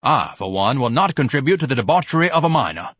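A man's voice: mid-range voice, sing-song, fast talker, a bit bright, slightly rough, no room sound, studio quality, voice pushed up. A man voicing a pompous, fussy grown man who speaks in lofty, formal phrases. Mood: haughty. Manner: haughty, lofty, fussy diction, shrieks when upset.

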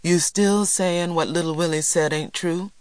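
A man reading a storybook aloud and voicing a stern older boy who accuses a friend in a firm, quiet way. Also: a little high, fairly even intonation, measured pace, clean tone, dry recording, lightly acted.

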